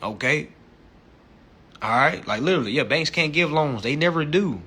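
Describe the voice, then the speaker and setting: A young man talks into his phone on a live stream, lecturing his followers in a loose, emphatic way full of swearing and "you know what I'm saying?". His voice is husky and rather high, pushed hard and tense. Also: lively intonation, normal speed, bright, forceful tone. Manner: emphatic, profane, repeats points with "all right?". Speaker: live-stream host teaching a class. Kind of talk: casual instructional rant on a live stream.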